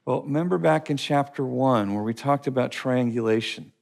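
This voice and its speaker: A man's voice: medium pitch, normal speed, gravelly, darkish tone. A man teaching a course session, speaking emphatically with repetition and stories. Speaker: teacher of a life-skills course. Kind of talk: teaching talk to a class.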